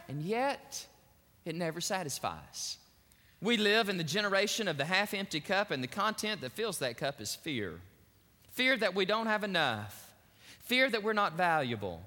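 A man's voice: sits high, very animated, normal speed, pushed and bright, long reverb tail. A man preaching a sermon as pastor, building into emphatic swells and repeated phrases.

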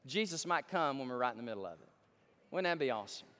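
A male pastor preaching a sermon in a large church sanctuary, emphatic, swinging from hushed pleading to loud excitement. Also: mid-range voice, quick pace, long reverb tail.

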